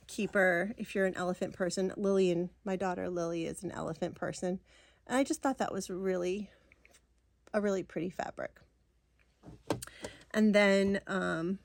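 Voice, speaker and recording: Middle-aged woman gushing over crafts, chatty and rambly, mid pitch, dry sound. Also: no echo. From New England. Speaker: stitching vlogger. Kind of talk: casual show-and-tell chat.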